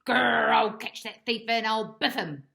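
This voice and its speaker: Brief: blustery storybook dog, loud and growly, voice pushed up high, put on by a woman reader. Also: animated, slow. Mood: angry. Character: hungry, grumpy male dog hunting a thief. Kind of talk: storybook read-aloud.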